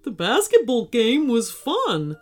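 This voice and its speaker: A woman voicing a huge sulky male dragon in a children's story, with a slow, drawn-out growling delivery. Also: on the high side, huge pitch swings, soft background music, exaggerated voice. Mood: hopeful. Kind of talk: storybook character voice.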